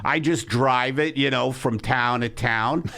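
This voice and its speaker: A man hosting a casual comedy podcast riffs in a rambling, exasperated way and laughs a lot. His medium-pitched voice is sharp, a little slow, with vocal fry.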